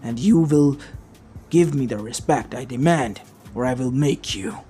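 A man's voice: mid-range voice, unhurried, mellow, natural voice. A man voicing an arrogant, cruel male demon lord who speaks with cold contempt, over faint background music. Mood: contemptuous.

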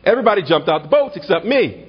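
A man's voice: high-pitched, sing-song, quick pace, breathy edge, dull audio. A man giving a rousing political dinner speech at a banquet, building to repeated rhetorical refrains with a humorous anecdote mixed in. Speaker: political speaker. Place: banquet hall at a party dinner.

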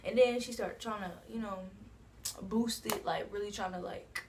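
This woman has a mid-range, steady voice at normal speed, with background noise in the recording. A New Jersey vlogger, she rambles through a laid-back storytime on her channel, dropping in asides such as "you know what I'm saying".

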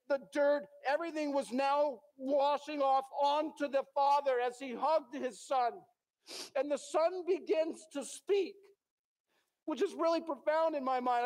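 A man's voice: extremely high pitch, darkish tone. A male pastor preaching a sermon in a church, telling a story dramatically and acting out the characters' lines.

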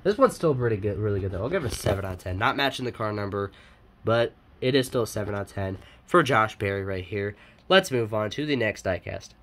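A man talks casually through an unboxing vlog in a fairly low voice. He rambles, stops to correct himself, and fills the gaps with lots of "uh"s. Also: animated, fast, fairly bright tone. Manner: chatty and rambling, with many fillers and self-corrections. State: sniffly. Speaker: die-cast collector and YouTuber.

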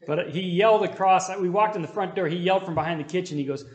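A man's voice: high-pitched, fast, few pauses, reverberant. A man leading a Bible study, talking conversationally and calling on his listeners for amens. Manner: conversational, asks the room for amens. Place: church hall.

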